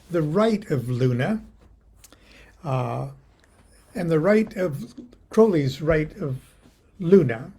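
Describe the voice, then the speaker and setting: Slow, gravelly older man rambling. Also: medium pitch, dark tone. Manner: rambling, halting with many fillers. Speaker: host. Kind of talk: casual chat.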